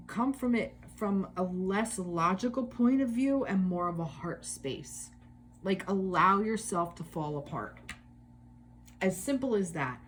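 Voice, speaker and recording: A woman's voice: lowish voice, slight background noise. A woman giving a casual tarot reading, musing aloud with many fillers and swearing freely. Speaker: tarot reader.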